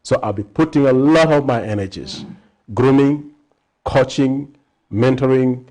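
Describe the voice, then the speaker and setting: A man's voice: mid-range voice, unhurried, a little mellow. A man in his fifties from Zambia, a guest economist answering interview questions in an earnest way, with repeated lists and stammered starts.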